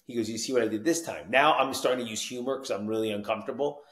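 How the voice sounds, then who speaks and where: Racing along in a mid-range voice, a New Jersey man who works as a recovery coach shares his story in conversation on a podcast. He acts out quoted dialogue with animation and keeps adding "you know what I mean," and the sound is reverberant.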